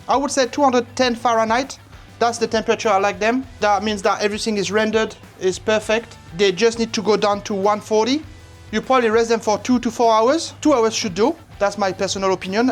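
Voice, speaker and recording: A barbecue cook hosting a casual cooking demonstration, explaining each step in a relaxed way and breaking into silly asides and sing-song exclamations. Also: medium pitch. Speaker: barbecue cook and channel host. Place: outdoors at a large smoker.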